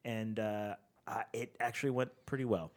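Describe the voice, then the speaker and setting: A man with a fairly low voice chats casually in a podcast studio. He tells stories with animation and laughs easily between lines. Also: steady tone, moderate pace. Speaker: podcast host.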